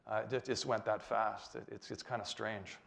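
A man, giving an animated, joking talk to an audience as a chemist and believer. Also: lowish voice, moderate pace, gravelly. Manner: animated, joking, rhetorical questions. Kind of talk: lively public talk to an audience.

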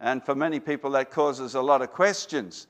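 A man's voice: medium pitch, moderate pace, fairly bright tone. A man with an Australian accent, a guest speaker giving a rambling, folksy talk to an audience, full of fillers and restarts.

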